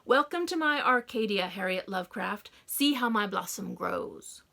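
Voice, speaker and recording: A woman voicing a sinister young man who gloats slowly and grandly over his victory, in an audiobook. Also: medium pitch, expressive, gravelly, bright, forceful tone. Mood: gloating.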